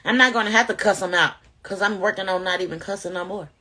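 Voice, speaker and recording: Woman, casual testimony to camera, animated and preachy, bright tone. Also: medium pitch, fast. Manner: animated, preachy, addresses viewers directly. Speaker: vlogger sharing testimony.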